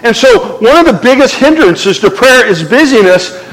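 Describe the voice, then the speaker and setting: A male pastor preaching a sermon in an animated, conversational way, asking the crowd to respond. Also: extremely high pitch, normal speed, big-room sound, low-quality recording.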